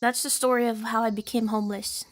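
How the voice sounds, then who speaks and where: A woman's voice: fairly high pitch, little pitch movement, quick pace, very noisy. A woman streamer chatting casually on a live stream, giggly, rambling and sweary.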